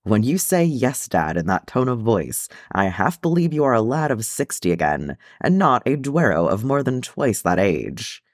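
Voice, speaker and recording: A man voicing a gruff old dwarf father who fusses fiercely over his son. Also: medium pitch, big pitch swings, moderate pace, hardly any pauses, dry recording, studio quality, lightly acted. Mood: fussing.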